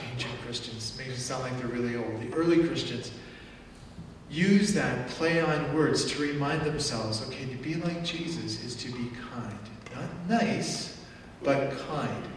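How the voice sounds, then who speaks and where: A male pastor delivers his sermon in a casual, animated way, jumping into little acted outbursts. He is heard from a distance in a large church with a long reverb. A faint rumble runs under his voice. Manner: animated, acts out angry outbursts in quotes. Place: church sanctuary. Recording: echoey church hall from far off.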